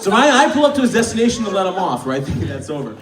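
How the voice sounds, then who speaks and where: A young comedian from the Midwest tells his stories in a high, lively voice that jumps around a lot and sometimes breaks into shouts. He is recorded in a roomy small club from a distance, and the crowd noise is clear behind him. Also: racing. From American Midwest. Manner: animated storytelling, bursts into shouts. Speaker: stand-up comedian. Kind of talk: stand-up comedy set. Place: small club, live audience. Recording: echoey room, distant mic, audience noise.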